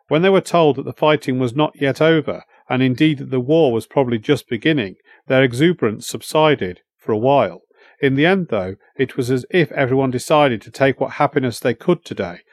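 Guy reading an audiobook story, measured and even, dry close mic. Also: mid-range voice, no echo. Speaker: audiobook narrator. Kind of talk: scripted first-person narration.

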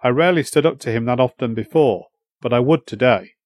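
A man reading a first-person story as an audiobook narrator, in measured storytelling. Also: medium pitch, darkish tone, dry recording, studio quality.

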